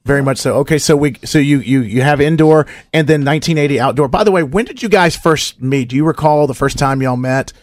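A man with a slightly high voice hosts a casual interview, asking friendly, curious questions with some joking. The recording is dry and close. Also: a little fast, hardly any pauses, no room sound. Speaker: podcast host.

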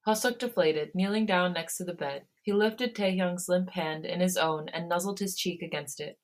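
A woman's voice: lowish voice, moderate pace, hardly any pauses. Woman podcast host reading fan fiction.

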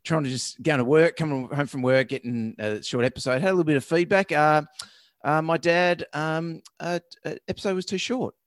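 A man's voice: fairly high pitch, brisk, no room sound. Aussie bloke chatting on a podcast, calls his friend mate, dry sound. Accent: Australian. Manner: animated banter, says mate. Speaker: podcast co-host. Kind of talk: casual chat.

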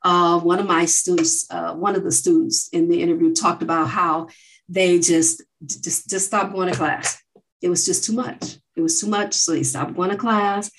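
Earnest, measured middle-aged woman, low voice. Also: fairly even intonation, poor audio. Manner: earnest, measured, frequent "you know" fillers. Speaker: researcher guest. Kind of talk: interview answers.

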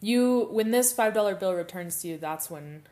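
A young woman co-hosting a podcast in casual chat, rambling and animated, swearing casually. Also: medium pitch, normal speed. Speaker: podcast co-host.

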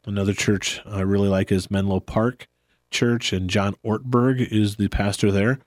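A man hosting a podcast in a relaxed, rambling chat, often laughing. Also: fairly low pitch, normal speed, no echo, clean studio sound. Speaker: podcast host. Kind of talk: casual chat.

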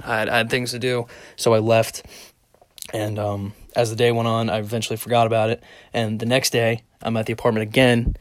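A man's voice: medium pitch, dry recording, clean studio sound. A man hosting a podcast who tells a story in a casual, rambling way, swearing often and laughing now and then. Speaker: podcast host.

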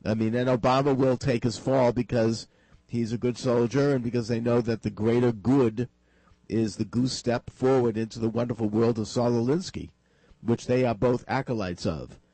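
Tired husky male talk radio host. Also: mid-range voice, steady tone, moderate pace, mellow, dry recording, poor audio. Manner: emphatic, predicts with conviction. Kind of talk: political talk radio chat.

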